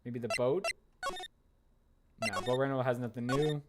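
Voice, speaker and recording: A man chatting casually in a relaxed way while streaming a video game. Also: mid-range voice, unhurried. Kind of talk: casual let's-play chat. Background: game music.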